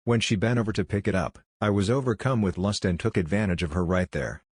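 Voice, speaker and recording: A man reading a string of jokes aloud in a dry, deadpan way. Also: on the low side, quick pace, husky, no room sound. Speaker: joke narrator.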